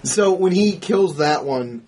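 A man co-hosting a casual movie discussion, animated and quick to act out scenes. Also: high voice, a little hiss or hum. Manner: animated, swearing, acts out scenes. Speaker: podcast co-host.

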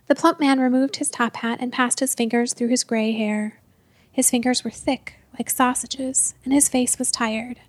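A woman narrating a story in the first person, measured and dropping to a hush at tense moments. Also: sits high, dry recording.

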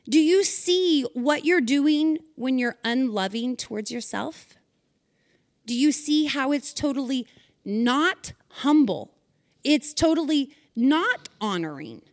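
A woman's voice: sits high, lively intonation, unhurried, no echo, studio quality. A woman giving a folksy, chatty, sermon-style devotional talk to women, with teasing, emphatic asides.

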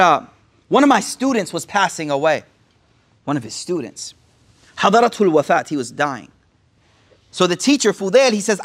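A man preaching, retelling a story with casual slang and Arabic quotes mixed in. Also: sits high. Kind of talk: sermon storytelling.

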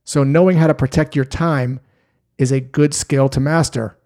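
Man, sales coach, scripted tips, calm, instructive, mid-range pitch. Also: normal speed.

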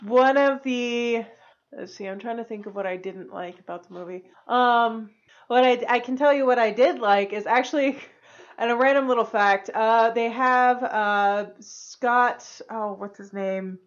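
Chatty woman co-host saying "like" constantly. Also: a little high. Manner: chatty, fills every pause with "like". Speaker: podcast co-host. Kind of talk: casual movie review chat. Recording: dull lo-fi recording.

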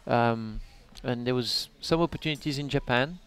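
A man's voice: mid-range voice, moderate pace, fairly bright tone, clean tone. A man, a racing driver chatting casually and laughing easily in an interview. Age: 30s. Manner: cheerful, laughs easily, short answers. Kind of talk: casual chat.

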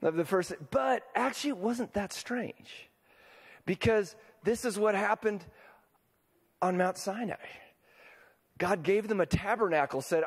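His voice sits high and has a breathy edge as this pastor preaches unhurriedly, with long pauses, keeping it casual and frequently putting questions to his listeners. A long reverb tail trails his words.

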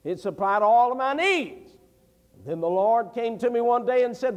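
A man's voice: very high-pitched, animated, moderate pace. A middle-aged man preaching a sermon as an evangelist, telling homely stories and building to fervent declamation. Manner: folksy storytelling, rising to fervent declamation. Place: church sanctuary. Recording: long church hall reverb.

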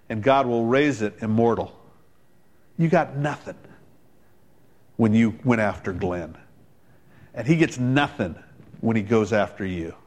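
A male pastor preaching a sermon, quoting people in quick voiced asides and building to loud, emphatic climaxes. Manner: preaching with dramatic rises in pitch and volume; quotes others in voiced asides.

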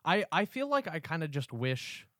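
A man's voice: on the high side, sing-song, normal speed, fairly bright tone, dry recording, clean studio sound. A man co-hosting a film podcast, thinking aloud in an earnest, hedging way. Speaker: podcast co-host. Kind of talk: casual film discussion.

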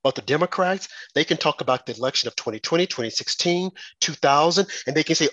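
A man's voice: lively intonation, fast talker, hardly any pauses, pushed and bright, dry recording, muffled recording. A man delivering an indignant political commentary monologue, mocking his opponents by quoting them in a raised voice. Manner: mocking put-on quotes of opponents in raised pitch; indignant, rhetorical.

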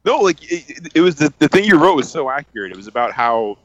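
A man in casual podcast chat, ranting in an excited, animated way about a movie he disliked. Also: on the high side, fast, no room sound, highs cut off.

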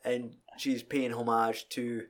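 A young Scottish man in casual chat, animated, swearing freely and acting out scenes with laughter. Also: medium pitch, slow pace.

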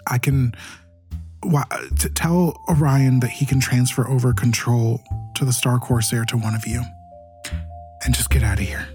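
A man's voice: medium pitch, steady tone, moderate pace, a little mellow, faint music behind, close to an everyday voice. A man voicing a wounded woman soldier who talks bluntly and wearily. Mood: weary.

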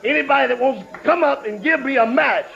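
A man's voice: very high-pitched, fast talker, creaky, fairly bright tone. A man cutting a boastful, taunting wrestling promo in an archival interview. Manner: boastful, taunting, repetitive threats. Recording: lo-fi old TV audio with crowd.

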